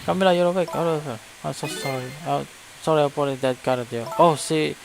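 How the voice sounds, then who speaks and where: An Indonesian-accented man reading the lines of a determined young woman detective in a game, in a brisk, reassuring way. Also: a little high, gravelly, background noise. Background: game music.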